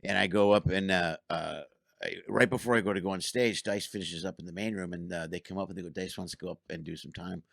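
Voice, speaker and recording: Guy hosting a comedy podcast, gravelly fast talker, swears a lot, dry close mic. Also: low voice, no room sound. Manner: swearing, animated storytelling. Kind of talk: casual storytelling chat.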